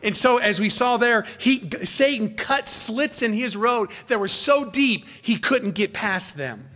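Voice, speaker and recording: A male pastor delivers an earnest expository sermon in a fairly high voice. He swings from loud, rising emphasis down to low, quiet asides, and sometimes stops to correct himself mid-sentence. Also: animated, measured pace. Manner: rises in pitch and volume for emphasis, then drops low and quiet.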